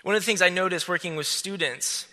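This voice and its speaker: A man's voice: sits high, fast, pushed and bright, in a large hall. A man giving a casual, rambling sermon to students, full of restarts and fillers.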